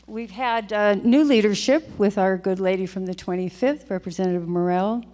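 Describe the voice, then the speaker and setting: A woman's voice: medium pitch, normal speed, a little mellow. An older woman, a state legislator, giving a heartfelt, emotional farewell speech on the chamber floor, often repeating her phrases. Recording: long hall reverb.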